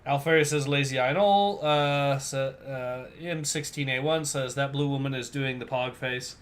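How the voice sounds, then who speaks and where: A man's voice: mid-range voice, moderate pace. A young man hosting a livestream in a casual way, reading viewer comments aloud with fillers. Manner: laid-back, reads viewer comments aloud with fillers and laughs. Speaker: livestream host.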